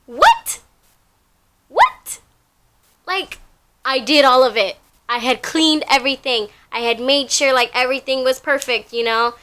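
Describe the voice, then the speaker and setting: A woman's voice: high-pitched, fairly even intonation, moderate pace, hardly any pauses, bright, forceful tone, a little hiss or hum. A young woman telling a rambling, casual story from her job, full of fillers and repeats.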